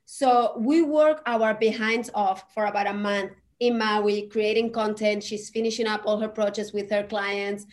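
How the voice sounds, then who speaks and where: A woman's voice: medium pitch, fairly even intonation, unhurried, few pauses. A woman co-hosting a casual chat, encouraging and emphatic as she turns stories into lessons for the listeners. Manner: encouraging, speaks to listeners as "people"; emphatic, motivational. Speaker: podcast co-host.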